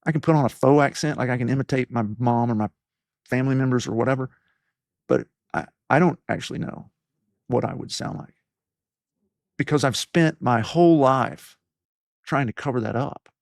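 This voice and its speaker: A man in his fifties from East Tennessee, opening up about his past as the guest of an interview. He rambles reflectively, circling back with fillers and restarts, at an average pitch for a man. The recording is dry and close, with no room sound. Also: normal speed, creaky, pauses often, dry recording. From East Tennessee, USA. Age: 50s. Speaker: leadership podcast host as guest. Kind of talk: personal storytelling interview.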